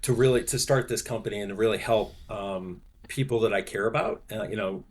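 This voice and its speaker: A man in his sixties, a sports business executive, telling stories as a podcast guest, animated and full of fillers and restarts. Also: fairly low pitch, fairly quick. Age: 60s. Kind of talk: podcast interview, anecdote telling.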